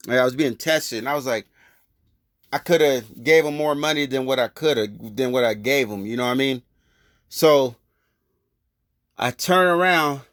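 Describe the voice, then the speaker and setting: A man's voice: mid-range voice, fairly bright tone, no room sound, studio quality. A man telling a personal story in loose, rambling, profane street talk. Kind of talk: casual storytelling.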